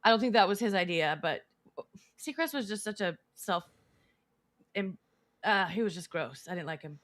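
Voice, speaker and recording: A woman's voice: medium pitch, lively intonation, normal speed, a bit bright. A woman co-hosting, candidly telling a personal story in casual chat. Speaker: co-host.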